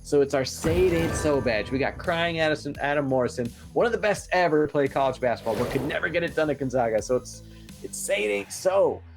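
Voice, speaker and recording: A man's voice: a little high, over music. A man co-hosting a bracket pool recap, joking around in casual sports banter. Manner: animated, jokey, quick asides.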